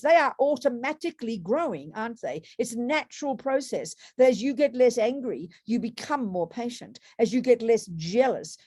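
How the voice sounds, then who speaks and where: A woman's voice: fairly high pitch, darkish tone, dry recording, clean studio sound. A woman giving a Buddhist dharma talk to students, conversational, with rhetorical tag questions and frequent restarts. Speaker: Buddhist meditation teacher.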